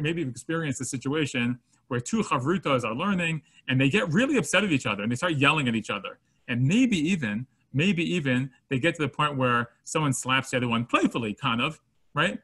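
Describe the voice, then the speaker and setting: Man, rabbi teaching a class, animated, bright tone, mixes in hebrew terms. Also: fairly high pitch. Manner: animated, acts out scenarios with quoted voices. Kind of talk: Torah lesson to students.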